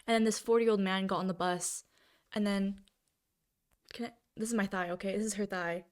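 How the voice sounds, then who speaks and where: A woman's voice: mid-range voice, fairly even intonation, brisk. A young woman co-hosting a podcast, telling rambling stories full of fillers in casual chat. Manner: rambling storyteller, many fillers. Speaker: podcast co-host.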